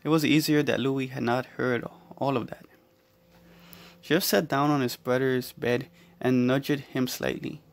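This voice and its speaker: A man narrating a horror story in a measured, dramatic way, with music underneath. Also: medium pitch, steady tone, vocal fry.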